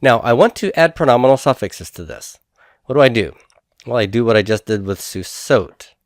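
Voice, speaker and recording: A man teaching a grammar lesson, explaining step by step, sounding out syllables slowly and checking in with his students. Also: medium pitch, animated, dry recording, clean studio sound. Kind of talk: recorded classroom lecture.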